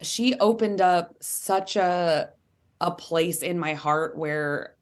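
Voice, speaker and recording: A woman in her thirties, an author talking candidly as an interview guest, animated and chatty, full of "like"s. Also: lowish voice, slow pace. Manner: animated, chatty, many "like"s, playful voice impressions.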